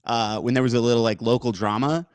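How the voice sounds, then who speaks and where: A man's voice: mid-range voice, steady tone, quick pace, smooth, dry recording. A man co-hosting a casual podcast who talks bluntly, swears casually, and keeps things laid-back. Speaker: podcast co-host and coach.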